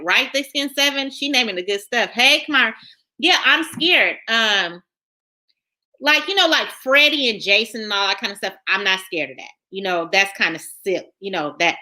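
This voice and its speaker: Chatty, bright-voiced woman host. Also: mid-range voice, normal speed. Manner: chatty, animated, repeats herself. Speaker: channel host reading live chat. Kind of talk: casual livestream chat.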